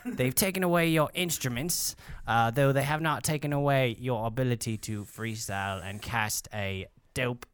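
A man's voice: medium pitch, normal speed, hardly any pauses, clean tone, no echo, studio quality. A man narrating as game master of a tabletop game, loose and full of fillers, with crude jokes.

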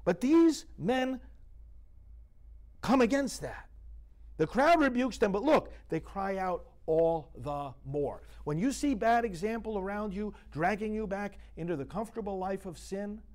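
This priest's voice sits high, expressive and a little mellow, and he speaks unhurriedly. His scripture reflection opens with Bible passages read aloud before rising into emphatic, urgent, fervent preaching.

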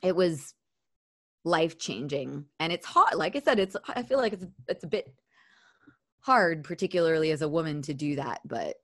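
A woman guest chatting casually about her travels, talking in an unhurried way with many fillers. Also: deep voice, lively intonation, no echo, clean studio sound. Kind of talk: casual conversation.

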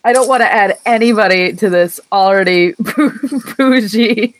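A woman's voice: mid-range voice, measured pace, dry recording. A woman playing a tabletop game, chatting casually and laughing. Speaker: player.

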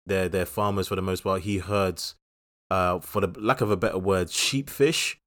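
Casually discussing movies as a podcast co-host, this man has a low, flat delivery at normal speed. His talk is rambling and jokey, with many restarts.

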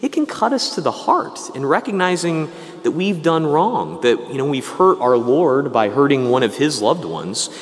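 A man's voice: fairly high pitch, sing-song, moderate pace. A man preaching a homily as a priest, in a casual, conversational way. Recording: long reverb of a large room.

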